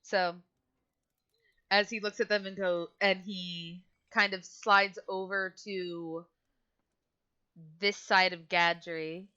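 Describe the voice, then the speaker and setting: A woman narrating as game master in a casual, halting way with many fillers. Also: medium pitch, level tone, bright, forceful tone, clear, resonant tone, highs cut off.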